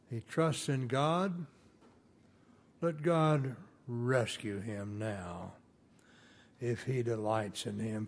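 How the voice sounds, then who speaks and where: A man preaching a sermon in an earnest, emphatic way, lifting his voice on quoted lines. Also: medium pitch.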